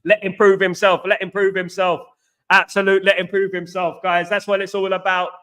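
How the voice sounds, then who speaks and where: Bright, high-voiced East London man. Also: little pitch movement, moderate pace. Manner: banter, slangy catchphrases, repeats himself. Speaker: livestream host. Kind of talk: casual livestream chat reading viewer comments.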